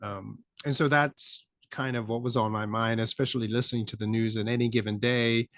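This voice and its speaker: A middle-aged man hosts a podcast in casual commentary, his voice sitting at a mid pitch. The recording is close and dry, with no room around it. He rambles, laughs in disbelief and climbs to incredulous peaks. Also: fairly even intonation, fairly quick, fairly bright tone, dry recording. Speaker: podcast host.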